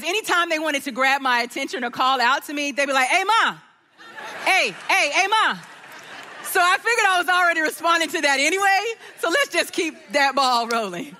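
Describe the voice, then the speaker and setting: A middle-aged woman, speaking as a guest at a church service, animated and enthusiastic, laughing often. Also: high-pitched, in a large hall. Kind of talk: sermon talk. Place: church auditorium.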